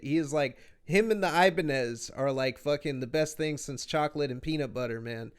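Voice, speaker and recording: A man's voice: fairly high pitch, brisk. A man hosting a podcast in casual interview chat, laid-back, slangy and profane. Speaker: podcast host.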